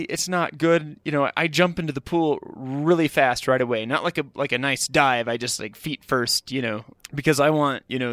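A man's voice: mid-range voice, fairly bright tone, no room sound. A middle-aged man telling funny stories from his own life, rambling and poking fun at himself with lots of "like.". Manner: rambling and self-deprecating, heavy use of "like". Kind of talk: comedic personal storytelling.

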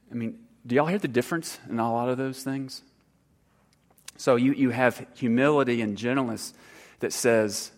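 Gravelly man preaching in a hall. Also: on the low side. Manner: earnest, halting, many fillers and restarts. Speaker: church counselor speaking to congregation. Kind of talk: informal sermon talk. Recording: long hall reverb.

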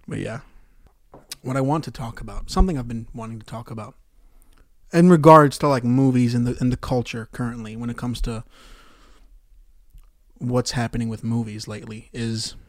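A young man hosting a solo podcast, swearing and ranting sarcastically about his movie theater job, going from loud outbursts to quiet mutters. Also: mid-range voice, fairly even intonation, moderate pace, long pauses, no room sound, clean studio sound. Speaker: podcast host.

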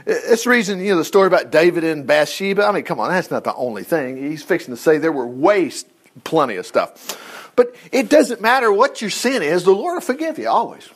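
A man teaching from the Bible in a casual, animated way, reading verses aloud and breaking in with his own asides. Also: a little high, a little fast.

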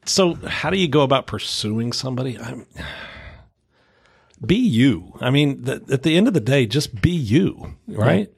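Brief: laid-back male pastor co-host, gravelly and a bit raspy, dry close sound. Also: medium pitch, very animated, a little slow, no echo. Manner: easygoing, plainspoken, joking. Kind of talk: casual podcast discussion.

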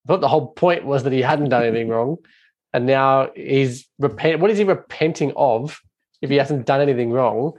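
A man's voice: mid-range voice, normal speed, darkish tone, lo-fi sound. A man hosting an interview, asking questions in an inquisitive way and thinking aloud. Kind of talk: conversational questioning.

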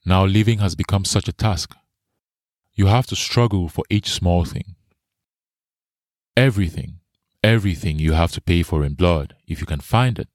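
A man's voice: low voice, normal speed, long pauses, darkish tone, dry recording, clean studio sound, lightly acted. A man reading the lines of a poor, grieving young mother who talks with toneless simplicity. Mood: mournful. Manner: toneless, simple speech rising to anguish.

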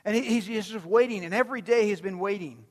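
A man with a high voice preaches a sermon, telling stories in a loose, conversational way and asking his listeners questions along the way. His words ring out with a long reverb, as in a church sanctuary. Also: fast. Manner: conversational storytelling, asks the crowd questions. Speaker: pastor.

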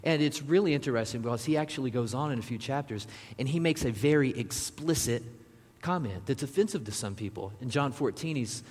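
A male pastor gives a conversational sermon, turning now and then to address the congregation directly. His mid-range voice is animated, fairly quick, a little mellow and slightly rough. The recording carries the long reverb of a large hall.

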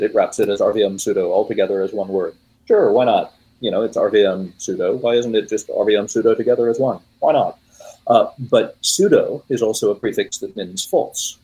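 A man in casual conversation, explaining software history with wry, musing asides. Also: lowish voice, slightly rough, low-quality recording. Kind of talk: casual tech chat.

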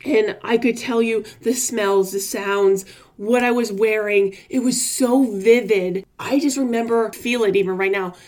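A woman's voice: mid-range voice, steady tone, unhurried, darkish tone. A woman in her forties sharing a personal story in a vlog, earnest and emotional, with lots of casual fillers. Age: 40s. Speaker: vlogger.

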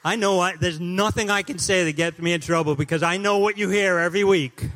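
Male guest pastor, 50s, preaching in church: humorous, animated, fairly high-pitched, loud-to-soft swings. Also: brisk, a little hiss or hum. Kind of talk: sermon. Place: church sanctuary.

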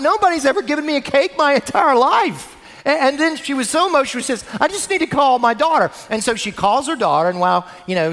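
A middle-aged male pastor delivers an animated sermon in a bright, high-pitched voice that leaps up and down. He speaks directly to his listeners and tells stories. The sound carries the long reverb of a large church hall. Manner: animated storytelling preacher, addresses listeners directly.

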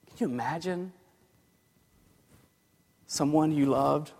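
A man preaching a sermon as a pastor, earnest, moving from hushed lines to emphatic ones. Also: a little high, moderate pace. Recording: long hall reverb.

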